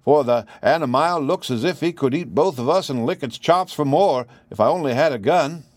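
A man voicing a timid older country husband in a storybook reading, with a husky voice and folksy speech. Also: on the high side, brisk, no echo, clean studio sound, voice pushed up, lightly acted. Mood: scared.

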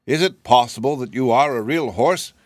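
A man's voice: mid-range voice, normal speed, dry recording, clean studio sound, voice pushed up, close to an everyday voice. A man voicing a living wooden sawhorse, earnest and simple, sometimes hesitant. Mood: meek. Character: wooden male sawhorse, proud yet meek.

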